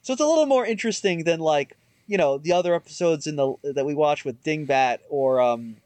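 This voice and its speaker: A man's voice: fairly high pitch, lively intonation, fairly quick, darkish tone, dry recording. A man co-hosting a podcast, chatting casually about old cartoons with many fillers and restarts. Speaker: podcast co-host. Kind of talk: casual chat reviewing cartoons.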